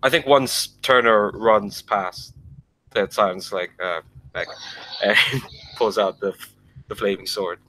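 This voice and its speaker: A man with a lowish voice speaks very slowly as he plays a tabletop game. He halts and stammers at the start of his sentences. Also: steady tone, fairly bright tone, no room sound, poor audio. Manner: slow, halting, stammering starts. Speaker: player. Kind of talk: casual tabletop play.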